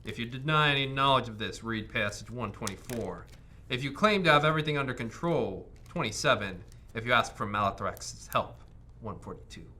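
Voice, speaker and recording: A man playing a board game with friends, reading story passages aloud in a lively, playful way with quick quips. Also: medium pitch.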